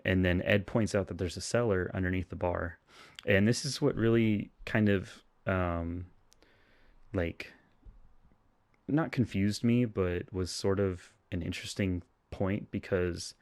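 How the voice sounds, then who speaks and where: A podcast co-host with a very low, slightly mellow voice chats loosely about a film's plot, hesitating often with ums, restarting, and breaking into laughter. The mic is close and the sound dry, with no echo from the room.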